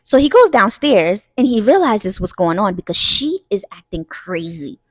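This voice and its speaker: A woman's voice: very animated, normal speed, no echo. A woman telling a scary story in a casual, chatty way, speaking straight to her viewers and acting out the quoted lines. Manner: chatty, addresses viewers directly; acts out quoted lines with pitch jumps.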